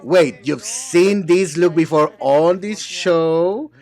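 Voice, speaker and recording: A man's voice: on the high side, slow, darkish tone. A man voicing an English dub of reality-show banter alone, sassy and bickering as he switches between several speakers. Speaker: translator dubbing a reality show.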